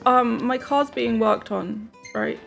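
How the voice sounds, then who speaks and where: A woman's voice: a little high, slow pace, gravelly, soft background music. A woman streamer chatting live to viewers in a giggly, emotional way, often laughing through tears. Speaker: game streamer.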